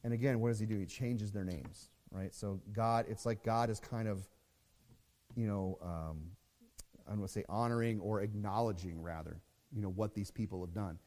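A man's voice: on the low side, moderate pace, dark tone, in a large hall. A man teaching a Bible study in a loose, conversational way, repeating words and reading scripture aloud.

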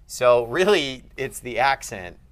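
Patient male tutor with a lively voice. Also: mid-range voice, slow pace. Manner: patient, asks leading questions. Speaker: Greek tutor. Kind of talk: one-on-one grammar lesson.

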